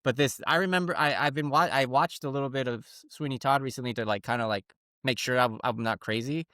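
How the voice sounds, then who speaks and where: A middle-aged man and podcast co-host in casual comedic chat, telling stories and acting out his son in a higher voice. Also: fast talker, no echo, clean studio sound. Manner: animated storyteller, acts out his son in a higher voice.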